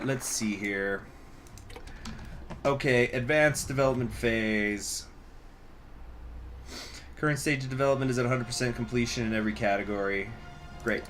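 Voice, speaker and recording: A man's voice: medium pitch, a bit bright. A man hosting a gaming channel, telling rambling stories in casual commentary while he plays. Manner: rambling, chatty storytelling, reading chat. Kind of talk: casual commentary over strategy gameplay.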